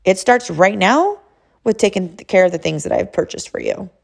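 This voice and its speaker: Mom, 30s, mid-pitched with vocal fry, chatty and emphatic storyteller. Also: female voice, expressive, normal speed, a little mellow. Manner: chatty, emphatic, addresses listeners as y'all. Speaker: mother. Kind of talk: casual storytelling to camera.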